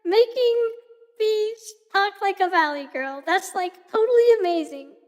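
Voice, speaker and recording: A woman's voice: very high voice, a little slow, long reverb tail. A woman putting on a ditzy, gushing valley girl voice, stuffing every phrase with "like, totally" during a livestream chat.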